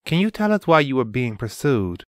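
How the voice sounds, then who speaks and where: A man voicing a groggy but alert teenage boy in a storybook reading, calm and inquiring. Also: mid-range voice, normal speed, no echo, clean studio sound, lightly acted.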